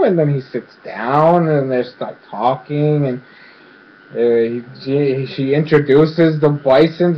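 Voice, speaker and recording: A man's voice: fairly high pitch, muffled recording. A man casually recapping a cartoon episode, rambling with lots of fillers and acting out the characters' lines. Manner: rambling, filler-heavy, acts out quotes.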